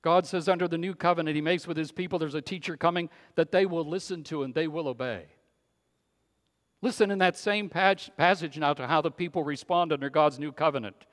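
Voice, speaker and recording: A man preaching a sermon, emphatic and swinging from loud declarations to hushed, quiet phrases. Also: a little high, a little fast, big-room sound.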